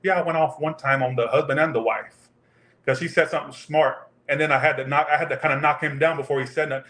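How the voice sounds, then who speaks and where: A man's voice: a little high, fairly even intonation, fast, fairly bright tone, reverberant. A man giving a casual tarot reading, rambling off into profane tangents. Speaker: tarot reader.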